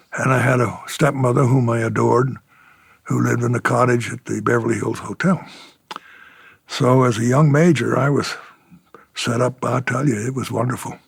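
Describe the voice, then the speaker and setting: Gravelly older man spinning war stories. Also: medium pitch, no room sound. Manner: chuckling storyteller, acts out quoted exchanges. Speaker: retired fighter pilot telling war stories. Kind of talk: oral history interview.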